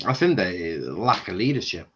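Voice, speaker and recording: A man's voice: low voice, big pitch swings, moderate pace, husky, lo-fi sound. A man hosting a casual football match reaction chat, talkative and swearing now and then. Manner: chatty, swearing, mimics frustrated shouting. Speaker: football channel host.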